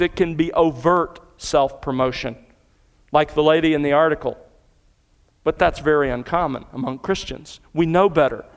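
A man's voice: on the high side, clean tone, big-room sound. A man preaching a sermon to his congregation in earnest, building emphasis through repetition. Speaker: pastor. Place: church sanctuary.

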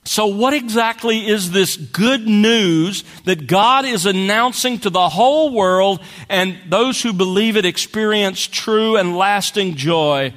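Male pastor with a high voice, preaching in a church sanctuary with a long echo. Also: a bit bright. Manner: measured preaching, slows for scripture quotes. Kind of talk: sermon.

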